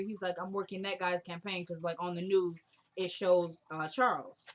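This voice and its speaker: A woman's voice: mid-range voice, level tone, fairly quick. Chatty woman recapping a TV episode. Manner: chatty, retells scenes quoting characters with "she's like". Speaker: TV recap vlogger.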